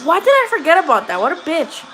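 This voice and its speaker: A woman with a high, bright, ringing voice hosts a casual live chat about boxing. She is blunt and foul-mouthed, teasing and talking back to her viewers. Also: huge pitch swings, fast. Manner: blunt, profane and joking, talks back to chat. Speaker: host of a boxing livestream.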